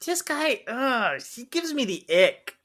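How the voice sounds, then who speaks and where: A man's voice: very high voice, big pitch swings, slow pace, fairly bright tone. A man co-hosting a podcast, ranting sarcastically in casual chat. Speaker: podcast co-host.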